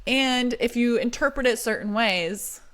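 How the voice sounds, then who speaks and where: A woman's voice: fairly high pitch, a little slow, a bit bright. A woman co-hosting a podcast in casual chat, telling stories with lots of "like" and frequent giggles. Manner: giggly, storytelling with many "like"s. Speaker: podcast co-host.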